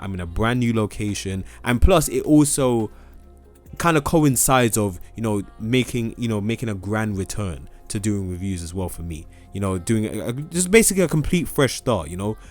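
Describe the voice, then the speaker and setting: A young man with a fairly low voice talks casually to his viewers from his own room. He rambles and restarts his sentences, and there are plenty of fillers. Faint music plays quietly behind him. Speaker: gaming YouTuber. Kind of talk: casual talking-to-camera update.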